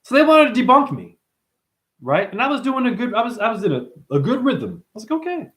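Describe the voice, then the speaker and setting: A man hosting a livestream and ranting preachily at his viewers, swinging between hushed asides and loud outbursts. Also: high-pitched, very animated, a little fast. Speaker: livestream host and numerology teacher.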